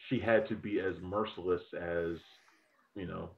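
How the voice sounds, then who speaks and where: A man's voice: low voice, steady tone, measured pace, creaky. A man in casual review chat, rambling and profane as he gives strong opinions on films. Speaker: film critic podcast host. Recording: tinny phone-like line.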